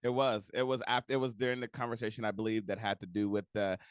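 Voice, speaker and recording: A man from Texas hosting a podcast, chatty and agreeable, with quick interjections. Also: fairly low pitch, little pitch movement, clean tone, no room sound, studio quality. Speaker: podcast host. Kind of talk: casual interview chat.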